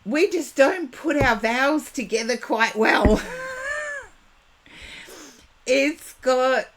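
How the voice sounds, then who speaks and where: A high-pitched woman, with a faint hiss or hum in the background, chats casually with live stream viewers. She's an Australian psychic in her fifties who rambles and wanders off topic, stretching out her words as she goes.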